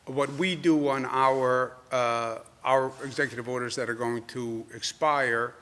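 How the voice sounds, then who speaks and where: A governor answering questions at a press briefing, emphatic and indignant, repeating phrases for effect. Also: male voice, mid-range voice, steady tone, a little slow, fairly bright tone. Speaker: state governor.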